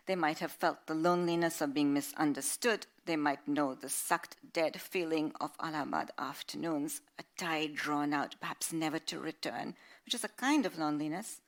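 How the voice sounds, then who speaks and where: A woman author reads from her novel to listeners, her voice a bit low. She is measured and expressive, shaping each sentence with care. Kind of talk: literary reading aloud.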